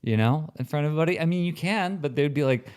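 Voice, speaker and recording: A man's voice: a little high, very fast, a little mellow, smooth. A man in his forties, co-hosting a comedic podcast in a rambling, casual way, full of "like" and swearing. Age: 40s. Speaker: podcast co-host.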